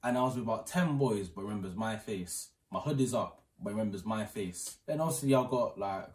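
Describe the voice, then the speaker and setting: A young British man, the host, rambling and animated as he tells a school story in a casual chat at home. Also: on the low side, a little fast, far from the mic. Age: young adult. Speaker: channel host. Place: front room at home. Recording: roomy, off-mic, faint music behind.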